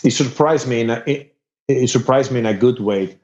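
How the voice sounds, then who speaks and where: A man from Spain with a Spanish accent, telling stories as a musician guest on a podcast. He talks in an animated way, at a middle pitch. The recording sounds dull and lo-fi. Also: brisk. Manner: animated, laughing storyteller. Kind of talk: casual storytelling interview.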